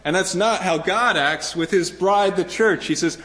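A man's voice: on the high side, measured pace, hardly any pauses, a bit bright. A male pastor preaching a sermon to his congregation, earnest and emphatic, often repeating phrases and lifting his voice when he quotes a promise.

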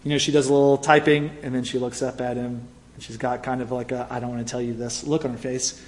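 Casual preacher with a reverberant hall sound. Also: male voice, medium pitch, flat delivery, fast. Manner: casual, storytelling, fillers like "right?". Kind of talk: conversational sermon with a story.

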